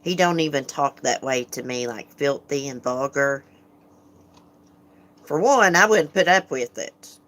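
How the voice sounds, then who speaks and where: A woman's voice: rumbling low, a little slow, fairly bright tone. A woman hosting a casual livestream, chatting frankly, laughing often and greeting viewers as she reads comments. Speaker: livestream host.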